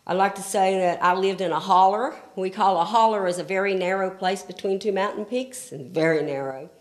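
A woman in her fifties from Southern West Virginia with an Appalachian accent, giving an earnest, plainspoken keynote speech that tells a personal story with frequent fillers. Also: lowish voice. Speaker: keynote speaker, environmental activist.

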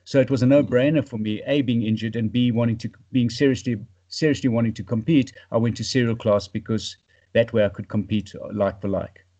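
A man from South Africa, a paragliding pilot and podcast guest, chatting casually and trailing off into quiet fragments. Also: medium pitch, steady tone, a little fast, muffled recording.

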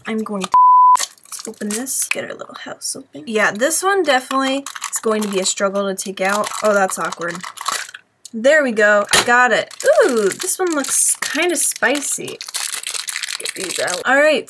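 A woman chatting excitedly to viewers while unboxing toys, gushing and gasping over each find. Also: a little high, noisy background. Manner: gushing and excitable, gasps, addresses viewers as guys. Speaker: toy unboxing vlogger. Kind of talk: excited unboxing chat to camera.

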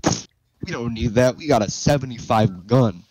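A man's voice: mid-range voice, moderate pace, darkish tone, slight background noise, poor audio. A young man gaming with a friend, joking around with mock-posh British catchphrases and plenty of swearing. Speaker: gamer. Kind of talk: casual gameplay banter.

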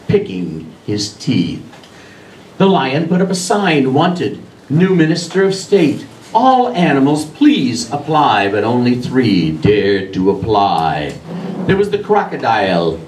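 Animated male storyteller in an echoey room. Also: mid-range voice, slight background noise. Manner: animated, sing-song rhyming delivery. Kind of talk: theatrical storytelling for an audience. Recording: roomy echo, distant mic, faint ambience.

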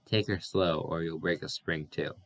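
Man reading Tom, a steady rural young man. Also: low voice, normal speed. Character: young man, cool-headed and practical.

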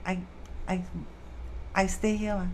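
A feng shui teacher with a Singaporean English accent chats casually on a live stream, using Hokkien and Mandarin words and greeting viewers mid-explanation. Her mid-range, darkish voice is slow with little pitch movement, and a little hiss or hum is audible.

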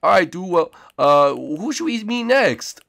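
A man hosting a casual toy game role-play, chatty and excitable. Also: high-pitched, unhurried, gravelly. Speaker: host.

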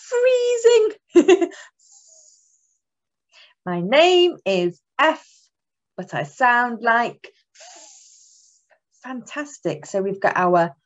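A woman teaching phonics to young children, lively and encouraging, sounding out letters slowly. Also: medium pitch, dull audio. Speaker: early years teacher. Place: classroom or home table.

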